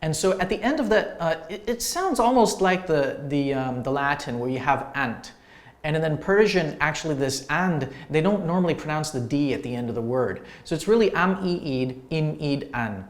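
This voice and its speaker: A man teaching language grammar to viewers, talking in a relaxed, explanatory way with many fillers and restarts. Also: a little high, moderate pace.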